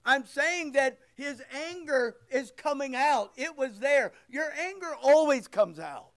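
A man preaching to his congregation. His voice sits very high for a man, and he takes his time, pressing each point home with rhetorical questions. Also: expressive, a little slow, a bit bright. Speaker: pastor. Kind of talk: sermon.

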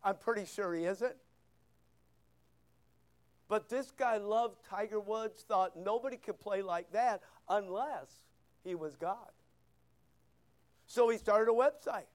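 A man's voice: high-pitched, takes it slowly, long pauses. A man preaching a sermon as pastor, reading scripture aloud and asking the listeners questions in a conversational way.

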